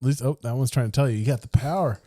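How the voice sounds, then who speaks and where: A married man hosting a podcast, with a middle-pitched everyday voice. He teases his friend as the game goes on, tells stories and drops in jokes. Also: rapid-fire, dark tone. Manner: teasing, jokey, slips into silly voices. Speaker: podcast host. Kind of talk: casual chat.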